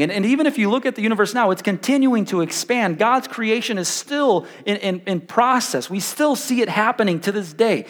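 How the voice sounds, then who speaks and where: A young man preaching a sermon as pastor, animated and stumbling over repeated words, swinging between loud and hushed. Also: high voice, brisk, few pauses. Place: church hall. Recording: live in a reverberant church hall.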